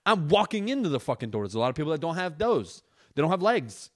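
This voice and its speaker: A man's voice: fairly high pitch, quick pace. Profane young man ranting on a podcast. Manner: profane, swears constantly; animated, exaggerated storytelling. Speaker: podcast host. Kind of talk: casual solo podcast rant. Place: indoors, seated on a couch.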